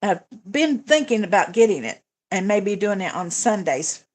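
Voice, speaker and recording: A woman's voice: mid-range voice, very animated, normal speed, a little mellow. A woman hosting a budgeting livestream, chatting casually with viewers and answering their comments, with frequent fillers and restarts. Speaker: budgeting channel host.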